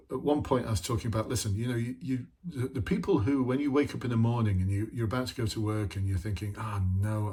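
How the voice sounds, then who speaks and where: Husky-voiced man coaching leaders. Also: fairly low pitch, darkish tone. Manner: conversational, asks many rhetorical questions, talks to himself. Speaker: former police officer turned leadership trainer. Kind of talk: informal coaching talk to camera.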